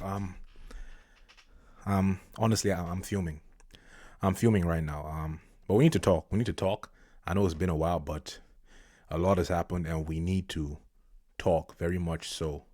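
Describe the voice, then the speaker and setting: Fed-up male football vlogger, very low voice, dry close sound, repetitive rant. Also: fairly even intonation, moderate pace, long pauses, darkish tone, no echo, faint music behind. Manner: frustrated, repetitive, exasperated. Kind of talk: ranting football vlog.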